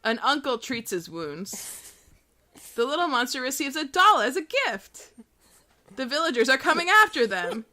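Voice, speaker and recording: A woman's voice: sits high, sing-song, moderate pace, long pauses, bright, forceful tone. A woman co-hosting a podcast, chatting casually, rambling and giggling as she reads aloud. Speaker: podcast co-host. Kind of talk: casual chat.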